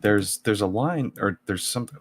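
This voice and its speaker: Male co-host, low dry voice, short agreeable replies, casual. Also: lively intonation, unhurried, husky, dry recording. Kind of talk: casual book discussion.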